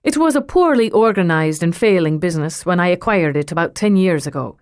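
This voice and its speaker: A woman reading as a self-assured, wealthy man with a faint Irish lilt, who teases in a smooth, unhurried voice. The tone is low-set and close, with a dry sound and no room echo, like a storybook reading. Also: animated, a little mellow, lightly acted. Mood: amused, smooth. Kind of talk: audiobook character reading.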